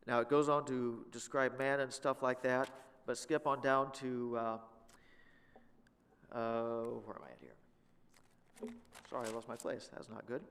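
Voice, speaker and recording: A man gives a Bible lesson from the pulpit, mixing scripture reading with relaxed asides and questions to the room. His voice sits in a middle register. The long reverb of a church sanctuary hangs behind every phrase. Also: medium pitch, measured pace, long pauses, clean tone. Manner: conversational, humorous, asks the congregation questions. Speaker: Bible teacher. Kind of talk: sermon teaching with scripture reading.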